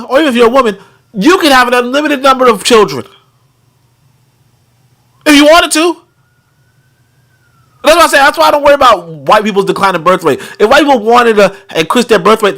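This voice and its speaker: Young man, high voice, bright tone, excitable, swears constantly, casual commentary. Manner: excitable, heavy profanity, laughs often. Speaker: host reading and commenting on a book.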